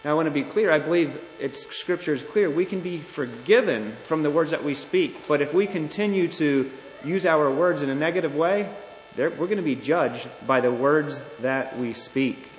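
A male pastor delivers an earnest, deliberate sermon in a slightly raised voice. His words ring out with long reverb, as if in a large church sanctuary. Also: fairly high pitch. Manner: earnest, deliberate preaching with restarts. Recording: echoey hall.

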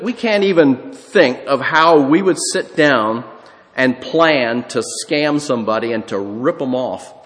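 Folksy preacher in an echoing hall. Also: male voice, mid-range voice. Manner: folksy, conversational storytelling. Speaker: pastor. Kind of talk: sermon with personal story.

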